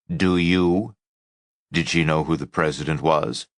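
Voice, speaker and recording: A man reading a memoir audiobook aloud, measured storytelling with lively inflection. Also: a bass voice, no room sound, clean studio sound. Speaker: audiobook reader.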